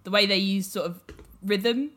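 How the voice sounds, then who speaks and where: A woman co-hosting a relaxed show about songs, talking in a chatty way with lots of ums and some teasing. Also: mid-range voice, normal speed. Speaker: podcast co-host. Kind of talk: casual chat about songs.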